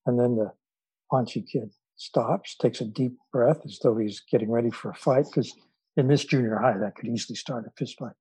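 Husky, mellow-voiced man telling stories. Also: medium pitch, no echo, rough recording. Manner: thoughtful, unhurried, with frequent filler pauses. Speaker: interview guest, psychologist and author. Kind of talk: relaxed storytelling in conversation.

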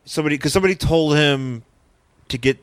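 A man's voice: a little high, fast talker, no echo. A man co-hosting a podcast, recapping a comic in rambling casual chat that often restarts its sentences. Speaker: podcast co-host.

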